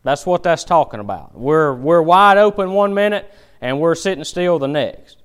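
A man preaching a sermon, with folksy storytelling and emphatic, animated delivery. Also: a little high, moderate pace, clear, resonant tone.

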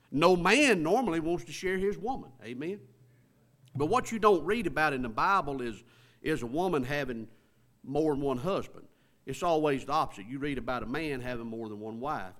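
A man preaching a sermon in a folksy, conversational way, stretching words for emphasis. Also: fairly high pitch.

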